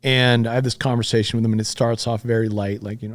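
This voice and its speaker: A middle-aged man, a podcast guest, telling a story casually and candidly, swearing freely and getting animated as he recounts it. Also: lowish voice, fast talker, few pauses.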